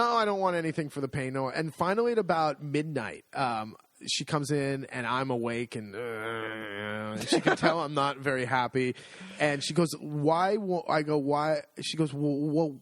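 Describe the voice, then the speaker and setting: A middle-aged man telling a story in a casual chat, animated and amused, acting out the lines of the people in it. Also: fairly high pitch, no room sound. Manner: animated, amused storytelling with restarts and acted-out quotes. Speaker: podcast co-host.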